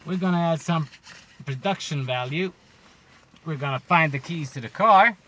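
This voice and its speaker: A man hosting a casual solo podcast, ranting, joking and swearing, with loud outbursts. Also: fairly high pitch, moderate pace. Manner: swearing, joking and heckling the listeners. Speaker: podcast host.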